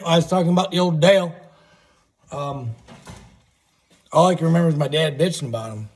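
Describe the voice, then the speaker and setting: A man's voice: on the high side, slightly rough. A man hosting a casual livestream, talking in a rambling, folksy way and swearing offhandedly. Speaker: livestream host.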